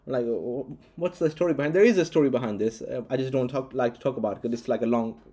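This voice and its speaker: A man's voice: mid-range voice, fast talker, warm tone. A man vlogging, telling a personal story casually with many restarts and fillers. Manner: rambling, frequent restarts and fillers.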